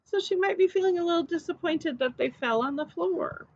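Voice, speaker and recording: A woman's voice: extremely high pitch, a little fast, dull audio. A woman preschool teacher reading a picture book aloud and coaxing children to repeat words after her.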